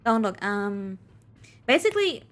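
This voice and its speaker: A woman's voice: medium pitch, big pitch swings, unhurried. A woman streamer, not a native English speaker, chatting casually over gameplay in a rambling way with lots of fillers.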